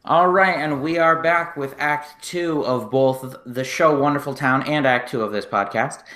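A man's voice: medium pitch, unhurried, sharp tone, roomy sound. A man hosting a casual podcast interview, chatty as he reads out his show's plugs and asks questions. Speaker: podcast host.

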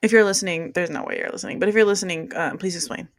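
Twenties woman with vocal fry, laid-back. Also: fairly low pitch, racing. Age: 20s. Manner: laid-back, swears casually, laughs at herself. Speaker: podcast co-host. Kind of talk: casual podcast chat.

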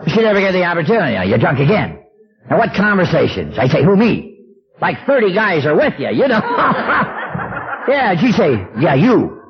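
A man's voice: sits high, gravelly. Man, middle-aged, wry storyteller, does voices, dull lo-fi tape, faint hiss. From Southern California. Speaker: speaker at a recovery meeting. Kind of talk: humorous recovery talk.

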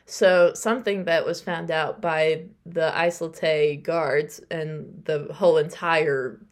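Low-voiced woman chatting through a book recap. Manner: chatty, self-correcting, quotes characters with "like". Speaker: podcast host.

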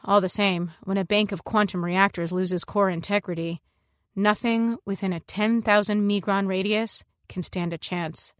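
A woman narrating a science fiction story in the first person, in a measured, reflective way. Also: mid-range voice, fairly even intonation, dry recording, clean studio sound. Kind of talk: scripted narration.

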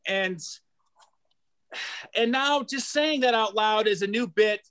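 A middle-aged man performing a stand-up set, loud and animated, self-mocking, stumbling over restarts. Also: sits high, takes it slowly, pauses often, no room sound. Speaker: stand-up comedian.

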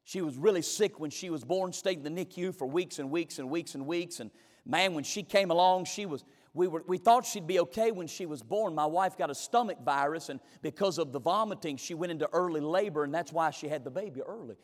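Pastor, high-voiced, emphatic storyteller, long hall reverb. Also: male voice, brisk. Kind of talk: sermon.

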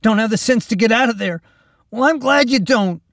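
Brief: a scared folksy young man in a storybook fight, shrill cracking shouts, dry distant mic. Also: moderate pace, gravelly, no room sound, heavily acted. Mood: mocking. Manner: high strained shouting, voice cracking.

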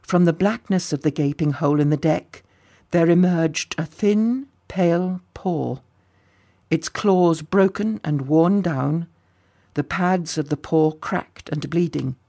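Male narrator, storybook reading, slow, gravelly, measured. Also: on the high side, mellow.

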